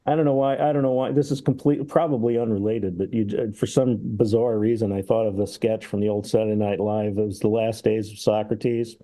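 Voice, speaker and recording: A man with a low, very dark and mellow voice talks through film scenes at an easy, musing pace. He speaks like a critic on a podcast, thinking aloud, and now and then slips into playful voices to retell a comedy sketch. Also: little pitch movement, brisk, hardly any pauses. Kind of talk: casual film discussion.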